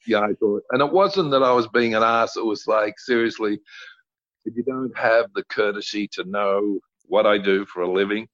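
Older male guest storyteller, blunt and salty. Low-pitched voice, dry muffled lo-fi audio. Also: normal speed, a bit bright, dry recording. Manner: blunt, colorful storyteller who swears freely. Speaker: guest actor. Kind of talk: animated anecdote-telling.

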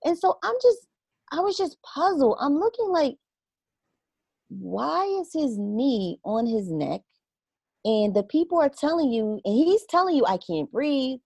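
A woman in casual conversation, earnestly recounting what she saw and acting out her own reactions with animated asides. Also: sits high, dry recording. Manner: earnest and reflective.

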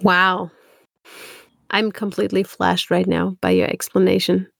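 Gravelly-voiced admiring woman host. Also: lowish voice, level tone, measured pace, fairly bright tone, no room sound, clean studio sound. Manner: effusive, admiring, laughs often. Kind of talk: casual interview chat.

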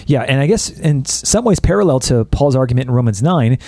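Man, American accent, warm mellow voice, dry close sound, emphatic animated talker, casual Bible chat. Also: mid-range voice, brisk, dry recording. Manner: animated, emphatic, joking asides. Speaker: podcast co-host.

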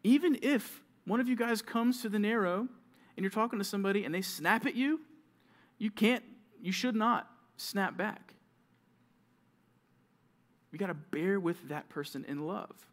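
A man with a somewhat high voice preaches to a room of junior high students. He keeps it conversational and lively. Now and then he slips into quick mock voices of grumbling kids. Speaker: youth pastor.

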